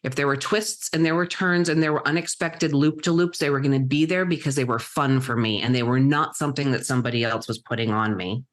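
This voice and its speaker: A middle-aged woman, a guest entrepreneur, telling her story in vivid present tense with dramatic pauses. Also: extremely low pitch. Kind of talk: storytelling interview answer.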